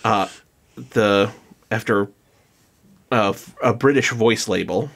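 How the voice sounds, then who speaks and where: A man's voice: on the low side, takes it slowly, fairly bright tone. Joking man co-hosting a podcast. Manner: jokey, loose, many fillers and restarts. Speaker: podcast co-host. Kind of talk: casual chat, reading notes.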